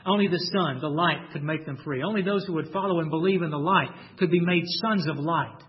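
Male preacher, higher voice, emphatic sermon delivery, dull lo-fi sound. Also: animated. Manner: emphatic, stresses key words with slow drawn-out lines; repeats words when restarting. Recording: dull lo-fi recording.

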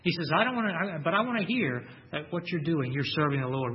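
A man's voice: fairly high pitch, fast talker, muffled recording. A man preaching a sermon in an earnest way, repeating key phrases and quoting scripture. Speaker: pastor.

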